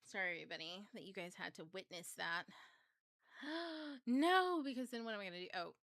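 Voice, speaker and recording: A woman's voice: medium pitch, expressive, a little fast, a bit bright, dry recording. A woman hosting a casual livestream, flustered and chatty. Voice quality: craggly. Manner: flustered, chatty, swears, laughs often. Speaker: host.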